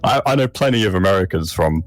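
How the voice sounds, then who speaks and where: A man's voice: deep voice, animated, quick pace, faint music behind. A man from the southeast of England with a Southern English accent, a player chatting casually and apologetically about the game. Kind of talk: casual chat between game sessions.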